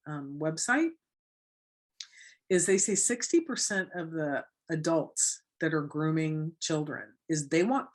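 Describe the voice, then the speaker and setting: Woman from florida telling a story on a talk show, lowish voice, acts out the quotes. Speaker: guest, anti-trafficking educator. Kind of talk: casual interview talk.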